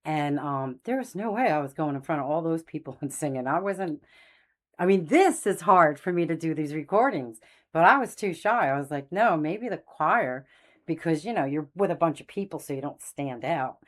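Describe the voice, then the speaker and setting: A woman's voice: low-pitched, lively intonation, fairly quick. A middle-aged woman hosting her own channel, earnestly telling a personal faith story in a rambling, casual way with many fillers and restarts. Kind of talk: casual testimony monologue.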